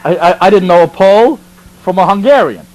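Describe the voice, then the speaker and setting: This Bronx native has a high voice and speaks fairly quickly over poor audio. Telling a funny tale of his army training, he stays lively and conversational, constantly going off on asides and starting over.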